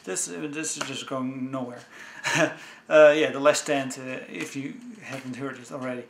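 A man chatting casually about films he owns, talking with enthusiasm in a halting way full of restarts. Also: mid-range voice, fairly even intonation, creaky, a little hiss or hum. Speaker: movie vlogger. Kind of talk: casual home-video review. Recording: echoey room.

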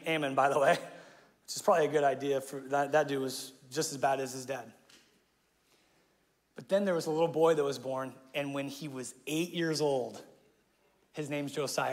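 A male pastor preaching a sermon in a casual, slangy way, acting out the people in his story and laughing often. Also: a little high. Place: church auditorium. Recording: live hall with long reverb.

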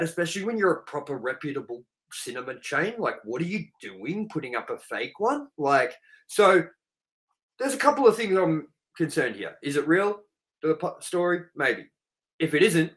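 A man's voice: fairly high pitch, a bit bright. An Australian man hosting a casual podcast, his talk heated and full of profanity. He rants hard, pressing each point. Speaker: podcast co-host.

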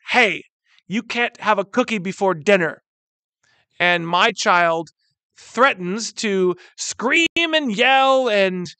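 A man in his thirties teaching a history lesson, animated and chatty, often calling the students "guys". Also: high-pitched, no room sound. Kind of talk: classroom lecture.

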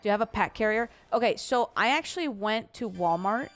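A woman's voice: mid-range voice, animated, fairly quick. Young female streamer, offhand self-deprecating chat, faint game music under her. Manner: self-deprecating, swears casually. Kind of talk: casual gaming stream chat.

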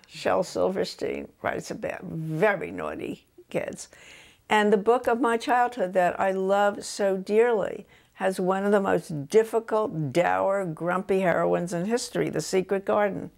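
An older woman author from New Jersey, telling stories about her books in a relaxed interview at home. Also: mid-range voice, a little slow, gravelly. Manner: animated anecdotes, voices quotes of her son.

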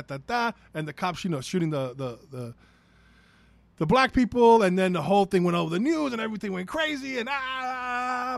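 A man's voice: high voice, no room sound. A man with a New York accent ranting through a solo podcast episode, profane and rambling, talking in a heated way. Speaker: podcast host.

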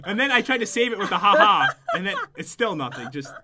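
A man's voice: high voice, very animated, fast, very noisy. A man hosting a casual let's-play video, joking, punning and teasing his co-host. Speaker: gaming channel host.

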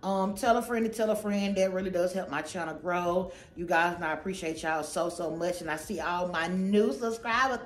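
A woman's voice: lowish voice, moderate pace, few pauses, roomy sound. A woman hosting her own channel, chatting casually and goofily to camera about a shopping haul, rambling with lots of slang. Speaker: channel host.

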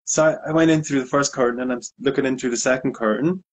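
Guy with a husky voice telling a story, acting out what people said. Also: mid-range voice, fast. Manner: animated anecdote, acts out quotes. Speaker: guest DJ. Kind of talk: casual storytelling interview.

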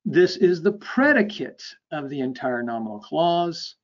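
A man giving an academic lecture. He explains step by step, checks in with a frequent "okay?", and lets his phrase ends drop off softly. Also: on the high side, big pitch swings, measured pace. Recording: dull lo-fi lecture recording.

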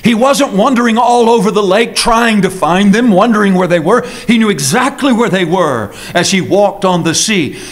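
A man preaching an earnest, emphatic sermon with dramatic pauses, as pastor in a church sanctuary. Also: high voice, expressive.

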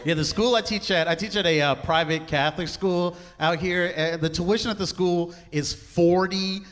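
A young man performing a stand-up comedy set, telling stories in an animated way with laughing asides. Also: high voice, moderate pace. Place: large comedy venue with live audience. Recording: live hall reverb with audience noise.

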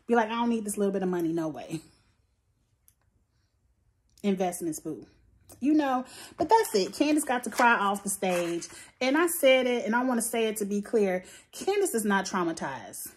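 A woman giving a blunt, profane, animated review of a reality show in a casual vlog. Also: fairly high pitch, moderate pace. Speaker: reality TV recap vlogger. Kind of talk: casual opinionated commentary.

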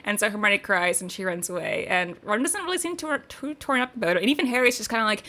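A woman co-hosting a podcast in casual chat, relaxed and meandering, saying "like" a lot. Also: medium pitch, fast talker. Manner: relaxed, meandering, many likes. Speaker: podcast co-host.

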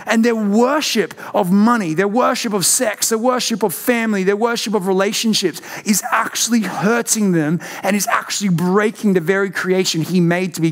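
High-voiced passionate man preaching. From Australia. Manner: passionate preaching, swings between loud outbursts and hushed questions. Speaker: pastor. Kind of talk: sermon. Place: church.

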